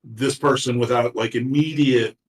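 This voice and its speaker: A man narrating a tabletop game as game master, talking haltingly with many fillers and restarts. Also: mid-range voice, fairly even intonation. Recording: roomy echo, far from mic.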